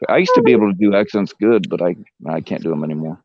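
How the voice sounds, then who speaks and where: Low-voiced joking man. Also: big pitch swings, quick pace, no room sound. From Indiana. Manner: drawling, joking, trails off. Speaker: livestreamer. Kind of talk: casual chat while gaming. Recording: dull lo-fi stream audio.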